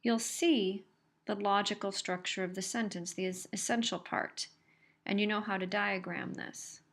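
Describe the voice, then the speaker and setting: A woman's voice: medium pitch, steady tone, normal speed. A woman teaching a college grammar lesson, explaining carefully and stressing example sentences. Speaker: college English instructor. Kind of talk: recorded grammar lecture.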